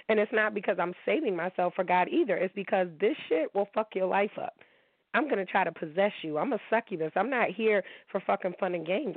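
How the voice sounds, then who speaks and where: A woman's voice: medium pitch, dry recording. A woman hosting a casual monologue, talking in a blunt, profane and heated way. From Kalamazoo, Michigan. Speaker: show host. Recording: tinny phone-like sound, dry.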